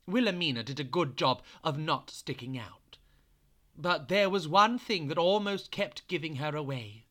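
A man hosts a children's story podcast, telling the tale in a playful, chatty way. His pitch leaps around expressively and his tone is bright, and he takes his time. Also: unhurried. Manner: playful, chatty, animated narration. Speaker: host and storyteller.

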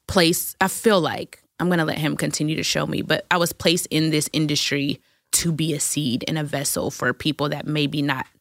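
A woman's voice: sits low, steady tone, moderate pace, no room sound, studio quality. A woman in her thirties, a guest in a casual faith chat, talking in an emotional and effusive way, tearful at times.

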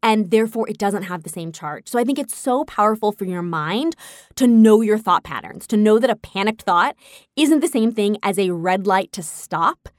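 A woman talking casually about her own life, candid and animated, often breaking into laughs as she acts out her own past reactions. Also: medium pitch, moderate pace, no room sound, clean studio sound. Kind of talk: casual personal storytelling.

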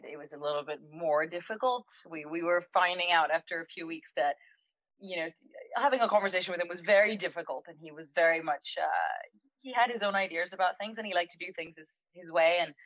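A woman who owns a restaurant, telling an anecdote in a chatty, animated way, laughing now and then and using lots of fillers. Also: on the low side, no room sound. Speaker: restaurant owner. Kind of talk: anecdotal storytelling in conversation. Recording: dull lo-fi, dry sound.

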